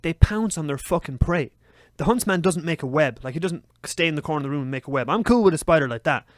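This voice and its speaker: Fast, lively guy telling stories. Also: fairly high pitch, no room sound, clean studio sound. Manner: animated, swearing, acts out his own panicked shouts. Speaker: podcast co-host. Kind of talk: casual storytelling chat.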